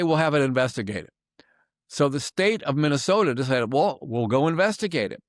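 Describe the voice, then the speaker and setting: A man's voice: on the high side, expressive, normal speed, dry recording. Brief: older male commentator, sarcastic and furious, dry close sound. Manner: angry, emphatic, sarcastic. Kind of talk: monologue political commentary.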